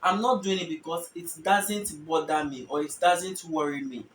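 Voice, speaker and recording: A man teaching a language lesson, explaining patiently and repeating example phrases slowly with stressed tones. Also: fairly high pitch, echoey room, distant mic, a little hiss or hum, rough recording.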